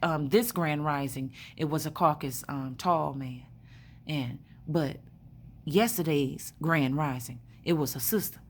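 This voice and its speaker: A spiritual vlogger sits in a hospital room, telling a rambling, casual story in a low, unhurried voice, with a little hiss or hum in the recording. Her monologue is blunt, profane, and packed with fillers.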